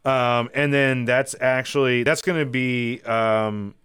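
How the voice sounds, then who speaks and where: A man running a tabletop game as game master, his narration loose and full of fillers and chuckles. His voice is crisp and resonant, recorded dry and close. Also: mid-range voice, steady tone, slow pace, fairly bright tone, no echo. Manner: rambling, many fillers, laughing asides.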